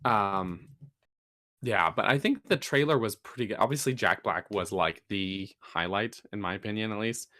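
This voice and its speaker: A man's voice: on the low side, normal speed, sharp tone. A man co-hosting a casual podcast, talking in a chatty, rambling way with fillers and restarts, getting emphatic when he makes a point. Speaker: podcast co-host.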